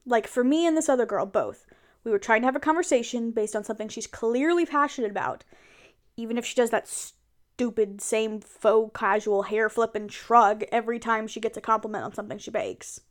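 A young woman talks straight to her partner in a casual role-play monologue, fairly high in pitch. She sounds chatty and animated as she vents about her day. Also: fairly quick. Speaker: audio role-play performer.

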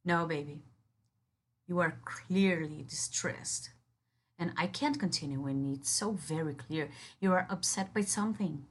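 A woman's voice: low-pitched, unhurried, husky. A woman in an audio role-play who speaks straight to the listener as a firm, commanding yet caring partner.

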